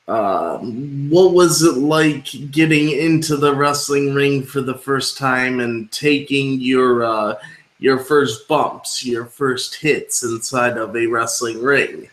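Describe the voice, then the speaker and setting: A man with a mid-range, slightly bright voice hosts a wrestling interview podcast in an echoey room. His questions ramble on at length, packed with fillers and restarts.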